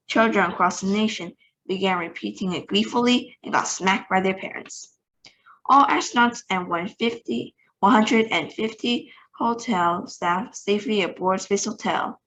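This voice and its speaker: Woman, storyteller, children's book read-aloud, expressive, lively character voices, middle pitch. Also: lo-fi sound. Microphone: online meeting recording.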